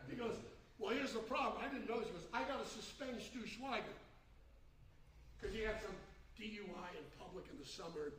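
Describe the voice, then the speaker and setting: A man in his seventies giving a keynote speech in a large conference hall, telling folksy, animated stories and laughing between them. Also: high voice, fairly quick, a little hiss or hum. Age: 70s. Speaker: keynote speaker. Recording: echoey hall, distant from mic.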